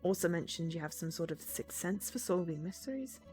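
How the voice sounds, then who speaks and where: Cocky thirties male detective with a Scottish accent, confident and boastful, with lively pitch, voiced by a woman. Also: fairly quick, soft background music, close to an everyday voice. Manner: confident, self-assured boasting. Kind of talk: visual novel voice reading.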